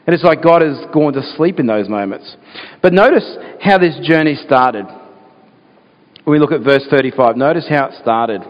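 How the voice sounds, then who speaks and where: A man's voice: fairly high pitch, animated, moderate pace. Earnest male pastor in a reverberant hall. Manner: earnest, asks the listeners rhetorical questions. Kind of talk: sermon. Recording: dull sound with long hall reverb.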